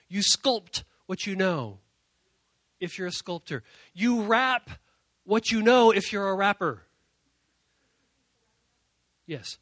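A man giving an energetic youth sermon, animated, repeating his key points and acting out quoted voices. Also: high-pitched, dry recording. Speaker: youth speaker.

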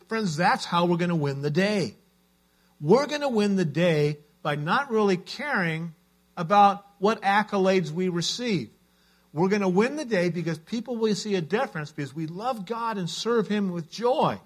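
A man's voice: high-pitched, lively intonation, normal speed. A man preaching a sermon as a pastor, telling stories in an earnest way.

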